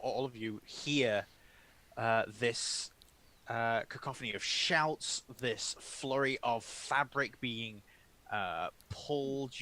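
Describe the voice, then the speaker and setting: A man's voice: medium pitch, pushed and bright. A man narrating a tabletop game as dungeon master, describing scenes with many filler sounds.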